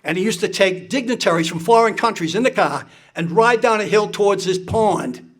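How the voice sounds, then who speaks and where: High-voiced man telling blunt anecdotes. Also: normal speed. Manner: blunt, profane, quotes people with gusto. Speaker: speaker recounting political anecdotes. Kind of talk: casual storytelling to an audience.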